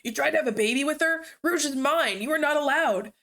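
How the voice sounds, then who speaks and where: Brief: raging teen echidna brawler, shouting threats, voiced by a woman. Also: high voice, creaky, pitched above the performer's own voice, exaggerated voice. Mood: angry yelling. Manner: yelling, rapid, threatening. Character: furious teen male echidna, hot-headed bully.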